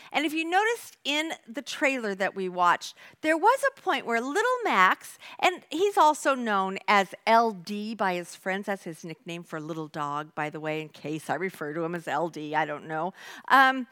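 Lively bright-voiced woman teaching. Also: mid-range voice. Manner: conversational, animated retelling. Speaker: church teacher. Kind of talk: sermon.

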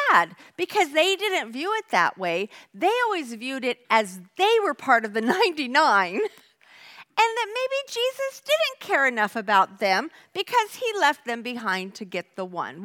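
Woman teacher, high pitch, very lively, bright tone, conversational sermon. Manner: conversational, animated retelling. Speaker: church teacher.

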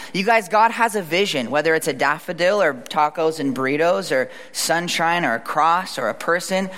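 A man preaching a sermon in a conversational, animated way, acting out the lines he quotes. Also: on the high side. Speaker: pastor. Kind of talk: sermon with storytelling. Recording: reverberant hall.

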